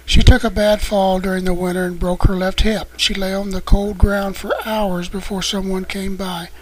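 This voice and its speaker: A man voicing an anxious, apologetic young woman in an audiobook, talking in rushed runs of words. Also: high voice, level tone, poor audio.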